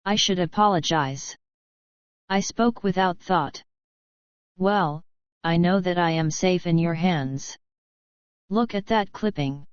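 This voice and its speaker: A woman voicing a calm, defiant young outlaw man in an audiobook, answering with dry dignity, slow smooth delivery, muffled lo-fi sound. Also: fairly low pitch, no room sound. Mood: cool. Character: cool-headed young male outlaw newcomer. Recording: dull lo-fi.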